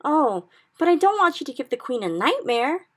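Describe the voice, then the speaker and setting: Woman doing an alarmed little girl, high. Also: big pitch swings, normal speed, a bit bright. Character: young girl, earnest and worried.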